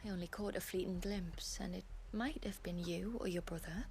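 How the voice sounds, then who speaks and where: An actress playing a worried young village woman in a video game, speaking in a hushed, urgent way. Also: lowish voice, fairly even intonation, moderate pace, vocal fry, slight background noise. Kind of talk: game voice acting.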